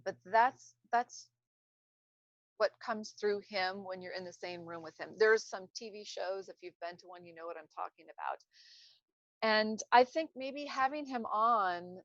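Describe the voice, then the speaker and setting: A woman's voice: mid-range voice, fairly bright tone, dry recording. A woman speaking unscripted about healing, rambling and searching for words as she goes. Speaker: speaker on trauma recovery. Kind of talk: casual unscripted talk to camera. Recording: dull lo-fi self-recording.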